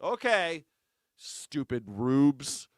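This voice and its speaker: A man hosting a live news reaction show, profane and mocking, at times slipping into a soft taunting croon. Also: a little high, big pitch swings, extremely slow, no room sound, studio quality. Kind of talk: live political commentary.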